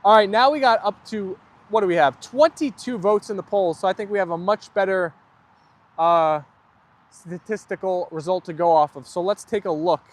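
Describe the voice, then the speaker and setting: A man with a fairly high voice hosts a relaxed live stream. He keeps up a loose, friendly stream of chatter as he reads out viewers' comments and answers them one by one. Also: normal speed. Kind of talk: casual live stream chat.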